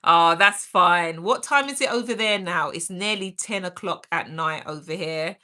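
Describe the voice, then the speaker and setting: A middle-aged woman hosts a livestream, reading out viewer comments and chatting energetically and caringly. Her voice is lowish with a sharp tone, and she speaks at a moderate pace.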